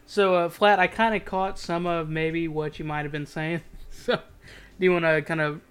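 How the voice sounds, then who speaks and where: A man's voice: on the high side, flat delivery, normal speed, fairly bright tone, smooth. A man co-hosting a casual gaming podcast over an online call, easygoing and joking. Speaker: podcast co-host. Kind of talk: casual chat.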